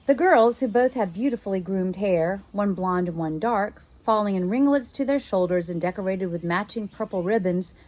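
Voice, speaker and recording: Expressive woman reading a storybook aloud. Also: medium pitch, moderate pace, hardly any pauses. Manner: expressive, stops to puzzle out words. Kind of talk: children's book read-aloud.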